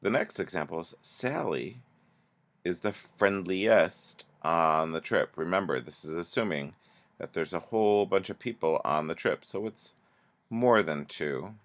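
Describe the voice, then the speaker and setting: A man teaching a grammar lesson, explaining slowly and patiently with pauses and restarts. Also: deep voice, expressive.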